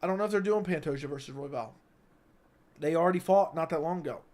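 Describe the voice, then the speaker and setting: A man's voice: fairly high pitch, fast, a little mellow. A man hosting a livestream, reading chat and teasing viewers with crude jokes. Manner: crude, joking, teasing chatters. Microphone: studio dynamic mic.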